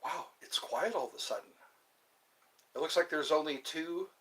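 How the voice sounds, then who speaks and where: A man chatting alone on a livestream, rambling slowly from thought to thought with the odd laugh. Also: a little high, expressive, fairly bright tone. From US East Coast. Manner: slow, meandering, talks to himself, laughs. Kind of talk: rambling solo livestream chat.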